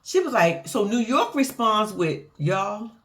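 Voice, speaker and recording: Animated woman gossiping in a recap. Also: mid-range voice, unhurried. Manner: animated, profane, laughs often, acts out quotes. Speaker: reality TV recap vlogger. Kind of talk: casual recap commentary.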